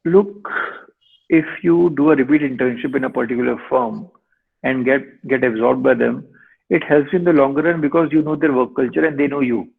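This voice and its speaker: A male lawyer in his thirties, giving measured advice in a webinar over a video call. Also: medium pitch, creaky, slightly rough. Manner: measured, advisory. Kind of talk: webinar answer. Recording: tinny online call audio.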